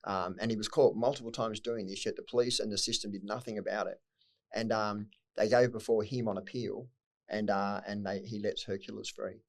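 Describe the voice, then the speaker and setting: A man's voice: fairly low pitch, steady tone, a little fast, creaky. A middle-aged Australian man telling his life story as a podcast guest, blunt and swearing freely, with emotion breaking through at times. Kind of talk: candid personal storytelling.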